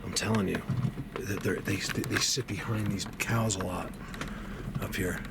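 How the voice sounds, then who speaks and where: A man filming himself outdoors on a trail, talking to the camera in an excitable, chatty way and now and then dropping to a hush. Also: unhurried, creaky, heavy background noise. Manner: excitable, talks to animals in a high baby voice, drops to hushed tones. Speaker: outdoor vlogger. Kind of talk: casual walking vlog.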